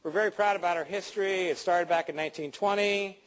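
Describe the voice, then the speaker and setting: A man's voice: high-pitched, quick pace, in a large hall, lightly acted, low-quality recording. A man acting out a boastful corporate presenter who drones on about his firm. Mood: smug boasting. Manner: smug, self-important, monotone listing.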